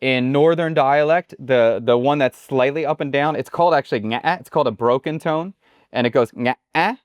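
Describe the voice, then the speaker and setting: A man, a chef who is a guest on the show, explaining things casually and illustrating them with animated examples. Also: mid-range voice, fairly quick, smooth, no echo. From United States. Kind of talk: casual conversation.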